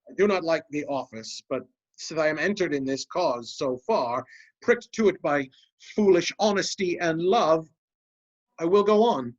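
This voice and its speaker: Actor playing a cunning scheming officer, insinuating stage delivery, amateur Shakespeare reading, muffled lo-fi sound. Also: medium pitch. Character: scheming male officer Iago, cunning and sly.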